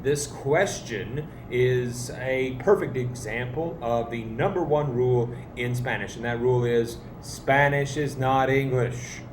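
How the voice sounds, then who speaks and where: A man's voice: mid-range voice, measured pace, hardly any pauses, background noise. A man teaching a language lesson to students, patient and explanatory with playful emphasis. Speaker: Spanish teacher. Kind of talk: classroom video lesson. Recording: echoey room, faint ambience.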